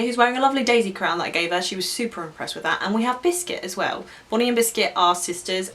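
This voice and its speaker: Chatty young English woman, lowish voice. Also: a bit bright. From Suffolk, England. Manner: chatty and gushing. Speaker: vlogger answering viewer questions. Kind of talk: casual chat.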